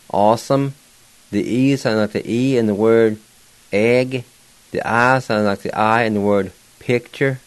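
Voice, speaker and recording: A man's voice: lowish voice, a little mellow, poor audio. A man teaching a language lesson on the radio, spelling words out letter by letter and pronouncing them with care.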